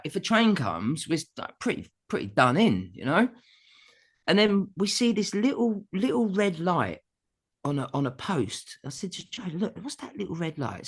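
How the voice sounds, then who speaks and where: A middle-aged man, a musician telling a long anecdote as a guest in a casual interview, laughing often as he goes. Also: a little high.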